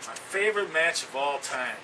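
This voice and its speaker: Cocky wrestler, bright tense voice. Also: male voice, a little high, lively intonation, normal speed. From Canada. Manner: cocky, boastful, trash-talking. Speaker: pro wrestler. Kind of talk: in-character wrestling promo interview. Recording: distant mic with background noise.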